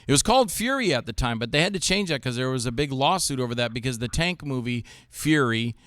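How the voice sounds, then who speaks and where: Guy hosting a chat show, bright clear voice, dry close mic, animated storyteller. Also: medium pitch, quick pace, dry recording. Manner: animated storyteller, acts out quotes of others. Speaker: show host. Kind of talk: casual chat with jokey impressions.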